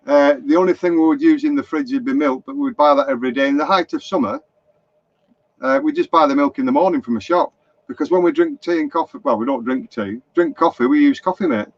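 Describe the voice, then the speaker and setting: A man's voice: fairly high pitch, expressive, fast, no echo. Chatty Lancashire man, dull lo-fi stream. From Lancashire, England. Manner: chatty, anecdotal, reads out viewer comments. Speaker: motorhome vlogger. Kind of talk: rambling live-stream chat. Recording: dull lo-fi live stream, dry.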